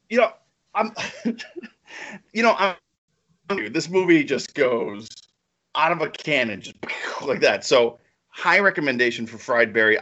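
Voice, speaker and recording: A man co-hosting a podcast in casual chat, excitable and rambling, laughing often. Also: mid-range voice, dull audio. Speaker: podcast co-host.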